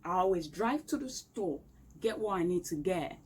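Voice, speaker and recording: A woman's voice: fairly low pitch, expressive, normal speed, a little mellow, husky, rough recording. A woman vlogging an emphatic, exasperated complaint from her home. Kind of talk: complaint rant to camera. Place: home room, indoors. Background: faint outdoor street noise.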